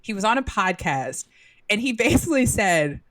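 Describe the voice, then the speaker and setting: A woman's voice: medium pitch, moderate pace. A woman co-hosting a podcast in casual chat, telling stories with acted-out quotes. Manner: animated storytelling with acted-out quotes. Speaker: podcast co-host.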